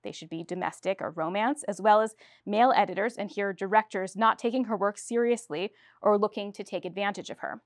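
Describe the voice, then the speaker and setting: A woman giving an academic lecture, speaking in a measured way from a prepared text. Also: medium pitch, no room sound, clean studio sound.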